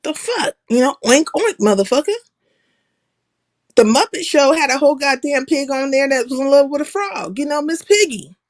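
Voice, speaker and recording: Woman streamer, slightly high voice, blunt and profane, keeps breaking into laughter while she talks. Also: animated, brisk, hardly any pauses. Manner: blunt, profane, laughs at her own jokes. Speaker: live stream host. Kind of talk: casual opinionated monologue.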